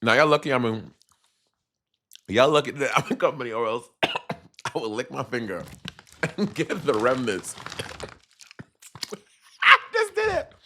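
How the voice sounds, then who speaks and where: A man's voice: mid-range voice, measured pace, pauses often. A man with a Caribbean accent chatting sassily to viewers on a casual live stream. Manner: sassy, animated, chatty with viewers.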